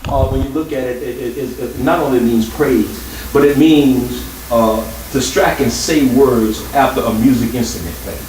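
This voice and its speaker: A man preaching a guest sermon, animated and playful, breaking into song, shouts and laughter. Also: medium pitch, normal speed, few pauses, a little hiss or hum. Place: church sanctuary. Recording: echoey church hall, mic at a distance, congregation. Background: congregation responding.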